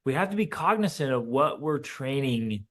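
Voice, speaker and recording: A man's voice: medium pitch, expressive, normal speed, a bit bright. A middle-aged man co-hosting a podcast in casual chat, emphatic, acting out little scenes in quoted voices. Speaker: podcast co-host.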